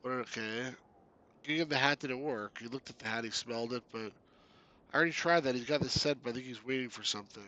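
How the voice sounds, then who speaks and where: A man's voice: medium pitch, fast talker, bright, forceful tone, highs cut off. A man giving casual, chatty commentary while playing a game, reading the on-screen text aloud and laughing often. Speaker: game reviewer.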